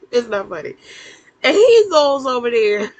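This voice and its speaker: A woman casually recapping a TV episode to the camera, animated and incredulous, with plenty of fillers and laughs. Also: on the high side, slow pace, poor audio.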